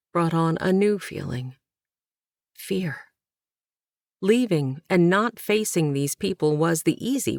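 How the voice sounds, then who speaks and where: Low-voiced woman narrating an audiobook. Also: a little mellow, no room sound, clean studio sound. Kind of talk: scripted narration.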